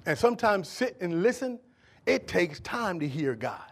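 High-voiced male pastor preaching. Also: very animated, moderate pace. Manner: call-and-response preaching, swings from loud to hushed. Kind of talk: sermon.

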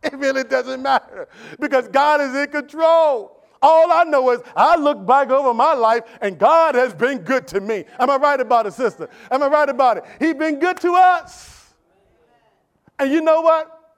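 High pitched pastor preaching, lots of repeating, keeps asking the church to say amen. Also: male voice. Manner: emphatic, repetitive, call-and-response with the congregation. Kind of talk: sermon.

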